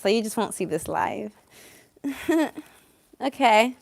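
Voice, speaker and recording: A woman's voice: on the high side, animated, slow pace, creaky, no room sound. A woman doing a live-streamed tarot reading, sarcastic and blunt, swearing freely and laughing often. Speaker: tarot reader.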